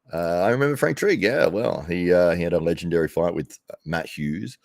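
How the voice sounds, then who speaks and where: Aussie bloke with a real low voice rambling on a livestream, laughs a lot, dry close mic. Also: male voice, measured pace, creaky, a little mellow, no echo. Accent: Australian. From Australia. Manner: rambling, laughs often, self-correcting. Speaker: livestream commentary host. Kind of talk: casual chat to live viewers. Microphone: desk microphone, no headphones.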